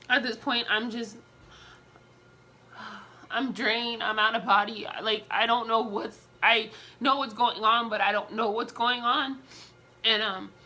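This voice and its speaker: A young woman tells a personal story in a candid storytime vlog, pausing often on fillers. Her voice sits a little high and sounds bright. She takes her time over each thought. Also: slight background noise. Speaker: vlogger telling a personal story.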